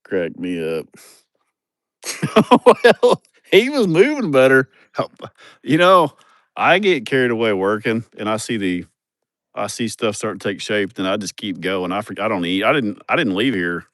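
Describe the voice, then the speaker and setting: A man's voice: fairly low pitch, lively intonation, moderate pace, fairly bright tone, no room sound. A man chatting on a casual livestream outdoors, rambling, swearing and laughing at his own stories. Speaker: vlogger showing a building project. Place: outdoors at a building site.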